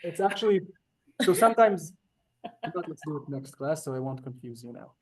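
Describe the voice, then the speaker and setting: A man's voice: on the high side, animated, moderate pace. A man from Israel teaching a Hebrew class, explaining patiently step by step and answering students politely. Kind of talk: classroom lesson over video call.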